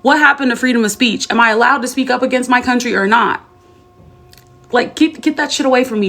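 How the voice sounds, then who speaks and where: Fired-up american woman ranting, gravelly fry in her voice, indignant. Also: a little high, brisk. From United States. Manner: indignant, heated, drops to hushed tones. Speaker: commentator. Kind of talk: angry opinion rant.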